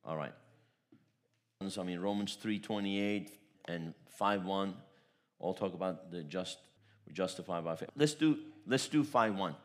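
Low-voiced man preaching emphatically. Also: measured pace. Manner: emphatic, swings between loud declarations and soft asides; storytelling with repeated phrases. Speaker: pastor. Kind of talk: sermon.

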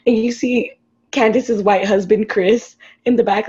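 Expressive woman, dull lo-fi sound. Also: a little fast. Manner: expressive, jumps high in pitch when excited. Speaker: podcast co-host. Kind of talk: casual chat.

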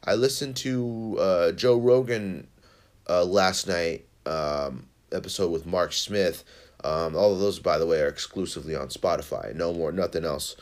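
A young man from Northern California's Central Valley rambles through a story on his podcast, swearing freely and talking in a loose, casual way. His voice sits on the low side, and he jumps from one tangent to the next. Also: a little slow. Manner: profane, rambling, animated storytelling. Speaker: podcast host.

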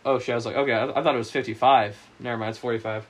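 A young man co-hosting a casual podcast, rambling and joking crudely, his voice a little rough from being sick. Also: medium pitch, fairly even intonation, very fast. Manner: joking, rambling, laughs often. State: sick, husky voice. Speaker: podcast co-host.

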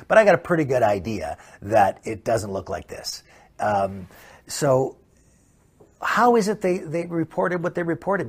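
A man's voice: a little high, slightly rough. A man, telling anecdotes in a casual, wry way with frequent restarts. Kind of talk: casual storytelling.

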